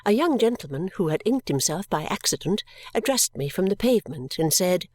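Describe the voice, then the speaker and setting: A woman narrates a classic novel in a tender, emotive reading. Her mid-range voice slips into soft whispered touches at moments of feeling. The recording is dry and close, with no room sound. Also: medium pitch, big pitch swings, brisk, no echo. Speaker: audiobook narrator.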